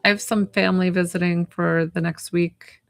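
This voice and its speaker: Lady chatting on a live stream, low gravelly voice, giggly, lots of likes and ums. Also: level tone, moderate pace, soft background music. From United States. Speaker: psychic medium hosting a live stream. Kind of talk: casual live-stream chat.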